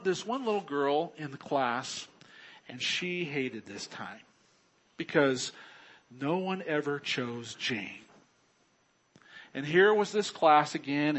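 Pastor guy preaching slow, kinda husky, gets loud then real quiet. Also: a little high, rough recording. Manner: slow, earnest preaching with sudden loud bursts and quiet drops. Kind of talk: sermon.

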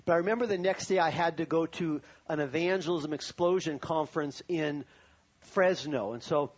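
A man's voice: a little high, moderate pace, husky, muffled recording. A pastor preaching a sermon to his congregation, telling a personal story and then rising to fervent preaching.

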